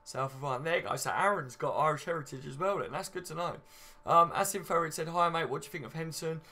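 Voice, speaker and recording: A man's voice: fairly high pitch, fast talker, bright, forceful tone. A man hosting a casual live stream, chatting and reading out viewer comments with easy banter. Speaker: fan channel host.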